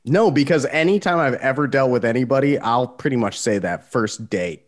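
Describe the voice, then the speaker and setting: A man in casual podcast chat, giving strong opinions in an animated rant. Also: medium pitch, moderate pace. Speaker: podcast co-host.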